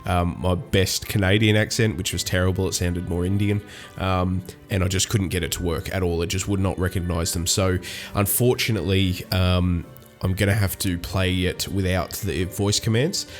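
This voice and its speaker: A man's voice: low voice, steady tone, normal speed, few pauses, faint music behind. An Australian man giving casual gameplay commentary, rambling with many ums and restarts. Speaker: gaming YouTuber.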